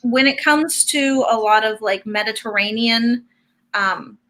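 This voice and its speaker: Woman host on a video call, bright and a bit high, patient and explanatory. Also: measured pace. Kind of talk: casual group video chat.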